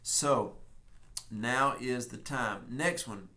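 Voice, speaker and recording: A man's voice: mid-range voice, steady tone, a bit bright. A man with a Texan accent preaching a prophetic message in an emphatic, folksy way, sometimes telling stories. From Texas. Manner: folksy and emphatic, speeds up and slows down. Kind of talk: prophetic sermon, casual storytelling.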